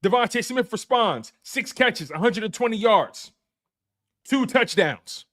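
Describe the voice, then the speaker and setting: Here a male sports show host takes an unhurried pace, his high voice fairly bright and lively in intonation. Talking right to his chat during an excited live-stream recap with super chats, he repeats phrases to drive points home.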